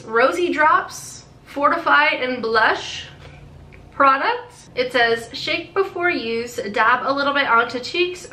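A bubbly young woman with a high, bright voice chats excitedly through an unboxing and laughs often. She sounds a little far off in an echoey room, with a faint hiss under her voice. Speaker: beauty vlogger. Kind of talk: excited haul unboxing chat.

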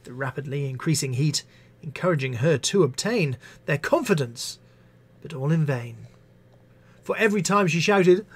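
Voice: medium pitch, animated, normal speed, slightly rough. An English teacher on a live stream, reciting favourite poems theatrically and adding wry asides. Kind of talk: live-stream poetry reading.

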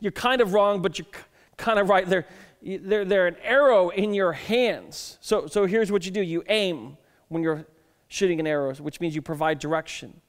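A man's voice: high voice, normal speed. A male pastor in his thirties giving a conversational sermon, telling family stories and often restarting his words. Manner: conversational, self-deprecating storytelling with frequent repeated starts. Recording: long reverb of a church hall.

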